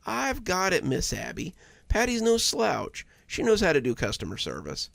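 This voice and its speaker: A man's voice: high voice, huge pitch swings, moderate pace, gravelly, a bit bright, dry recording, pitched above the performer's own voice, full character voice. A man voicing a kind young man who teases the old woman he looks after, in a storybook reading. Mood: teasing. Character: kind young man caring for a sick widow, joking.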